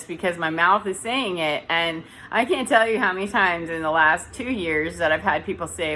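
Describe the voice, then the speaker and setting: A woman's voice: on the low side, normal speed, hardly any pauses, pushed and bright, slight background noise, poor audio. A woman talking casually to camera in a dim room, rambling and correcting herself as she goes. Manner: rambling, self-correcting, chatty. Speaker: vlogger.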